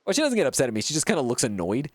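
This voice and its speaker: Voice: mid-range voice, sing-song, very fast, no echo. A gaming streamer giving chatty, giggly play-by-play commentary with lots of fillers. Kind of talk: casual gameplay commentary.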